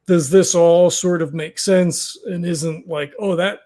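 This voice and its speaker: A man's voice: on the high side, steady tone, takes it slowly, dark tone. A man running a tabletop horror game as game master, rambling with many fillers and restarts.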